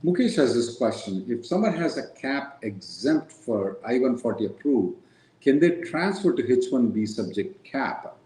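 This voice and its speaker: A man's voice: medium pitch, sing-song, measured pace, warm tone, echoey room, rough recording. A man answering viewer questions as a regular on a live Q&A show, restating each question and thinking aloud with some hesitation.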